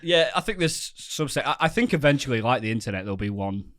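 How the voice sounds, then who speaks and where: A man talks through the week's stories on a podcast, joking at his own expense with a wry edge. His voice sits at an ordinary middle pitch, recorded close and dry with no room sound. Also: lively intonation, fairly bright tone, no room sound. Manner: wry, self-mocking, quick to joke. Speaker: podcast co-host. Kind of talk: casual chat.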